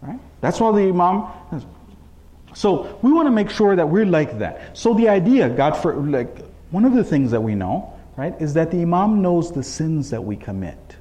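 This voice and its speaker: A man's voice: fairly high pitch, sing-song, moderate pace, dark tone. A man giving a sermon, telling a story and acting out the quotes with shifting voices, often checking in with "right?". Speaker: religious speaker.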